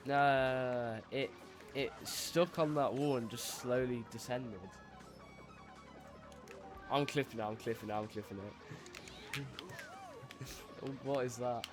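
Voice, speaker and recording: A man's voice: mid-range voice, huge pitch swings, slow pace, pauses often, over music. A young man streaming and chatting casually while gaming, laid-back and rambling, often restarting his sentences.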